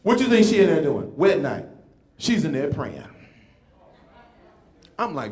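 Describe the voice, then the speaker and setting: A man's voice: on the high side, huge pitch swings, measured pace, pauses often, a little mellow, reverberant. A man doing stand-up comedy as a comedian and pastor, teasing the crowd and checking in with a repeated "right?".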